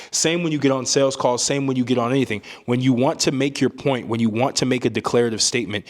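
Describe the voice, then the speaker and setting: A man giving a motivational speaking lesson as a communication coach, emphatic and repetitive, often ending points with a tag question. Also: mid-range voice.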